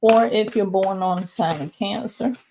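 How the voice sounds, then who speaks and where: A woman giving an oracle card and numerology reading, talking slowly and reflectively straight to the viewer. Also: mid-range voice, creaky, warm tone, slight background noise. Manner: slow, reflective, speaks to viewer directly.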